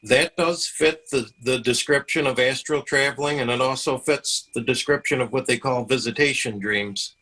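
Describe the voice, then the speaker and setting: A man's voice: medium pitch, normal speed, hardly any pauses, sharp tone, low-quality recording. A man hosting an interview, explaining things in a chatty way and often repeating himself. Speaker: host. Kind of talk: conversational interview.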